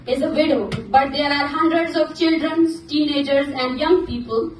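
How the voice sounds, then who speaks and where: High-voiced young woman speaking in a hall. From Balochistan, Pakistan. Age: young adult. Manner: earnest, halting when speaking off script, many restarts. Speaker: activist speaker. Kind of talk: prepared speech at a forum. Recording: echoey hall, mic at a distance.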